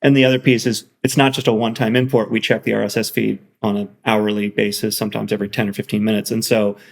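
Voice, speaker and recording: A man being interviewed as a software founder, talking casually with lots of restarts and excited asides. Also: lowish voice, fast, gravelly.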